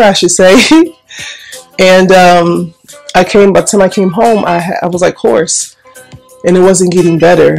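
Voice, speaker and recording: A woman telling a personal story in a chatty, animated way, acting out what people said. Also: lowish voice, gravelly. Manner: chatty, animated, restarts and acts out quotes. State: recovering breath after illness. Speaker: vlogger.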